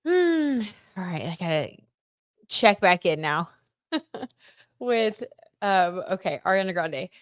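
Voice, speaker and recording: A low-leaning, sing-song female voice drifts along slowly with long pauses, recorded studio-quality without room sound. The speaker is a tarot reader hosting a loose livestream, chatty, reading comments aloud, leaning on "like" and "I don't know."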